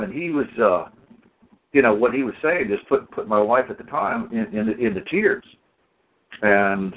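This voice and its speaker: A man telling stories in a casual community call, animated and acting out the people in them. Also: medium pitch. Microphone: phone or call audio. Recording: tinny phone line.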